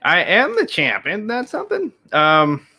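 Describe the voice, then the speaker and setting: A man co-hosting a podcast, laid-back and quick to laugh, talking through his thoughts with many fillers. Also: high-pitched, wildly swooping pitch, pushed and bright, slightly rough. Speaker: podcast co-host. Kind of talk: casual chat.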